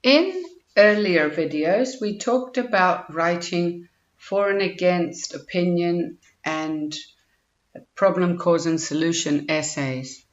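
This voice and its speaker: A woman delivers a recorded grammar lecture at an unhurried pace, reading out example sentences and explaining each one patiently. Her voice sits at a middle pitch. The sound is slightly muffled and carries the echo of a bare room. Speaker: IELTS teacher.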